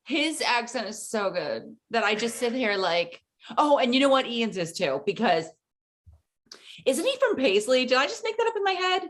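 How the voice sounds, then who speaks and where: A woman co-hosting a casual TV recap, excitable and gushing, laughing often. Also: on the high side, normal speed. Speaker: podcast co-host.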